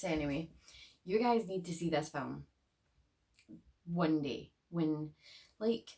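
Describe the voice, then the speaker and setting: A woman's voice: sits low, a little mellow. A young woman reviewing a horror movie in her bedroom, rambling and chatty with lots of filler.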